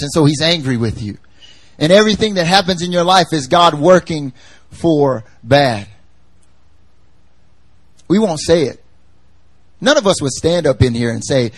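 A male pastor preaching in a loose, talkative way, building emphasis through repetition. His voice sits a little high for a man. The sound is close and dry, with little room around it. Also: normal speed, breathy edge, no echo. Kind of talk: conversational sermon. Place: church service.

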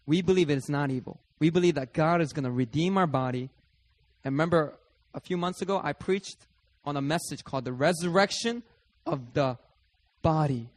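A man preaching a sermon as pastor, teaching emphatically and rising to loud, stressed phrases. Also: a little high, normal speed.

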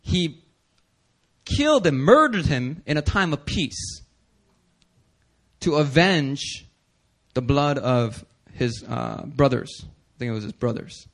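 A male pastor preaching a sermon, animated and casual, slipping into slang and acting out the characters in the passages. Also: takes it slowly, pauses often. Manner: animated, acts out scripture voices with big pitch swings.

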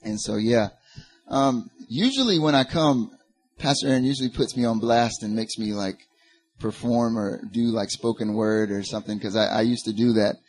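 A man's voice: on the low side, a little mellow. A young man from North Carolina with a Southern accent, giving a chatty, joking talk to a church group full of fillers. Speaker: guest speaker. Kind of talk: casual church talk and spoken word.

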